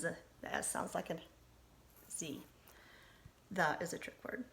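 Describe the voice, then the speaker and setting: A woman's voice: medium pitch, lively intonation, a bit bright, slight background noise. A woman teacher giving a spelling lesson to young pupils, spelling out letters one by one with patient encouragement. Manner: slow, deliberate dictation, spelling out letters one at a time.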